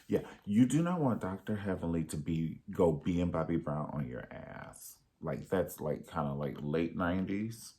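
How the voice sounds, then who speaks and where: A man's voice: sits low, animated, a little slow, hardly any pauses, warm tone, slight background noise. A man reviewing a reality show in a sassy, campy, casual chat. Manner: sassy, campy, dramatic swings in tone.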